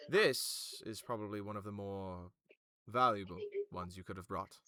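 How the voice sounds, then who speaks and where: A man voicing a flamboyant, excitable male elf noble who gushes in exclamations. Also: fairly low pitch, clean tone, no room sound. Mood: smug. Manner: gushing, exclamatory, drawn-out vowels.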